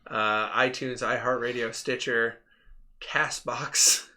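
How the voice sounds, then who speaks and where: Bright-voiced rambling male stream host. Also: mid-range voice, steady tone, slow. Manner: rambling, laughs often, lots of fillers and retold anecdotes. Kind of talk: casual chat on a live stream.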